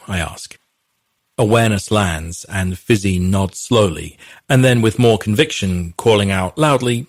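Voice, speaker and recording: A man narrates a romance audiobook in the first person, measured and intimate. His voice sits very low and has a husky grain. The recording is dry and close, with no room sound. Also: dry recording.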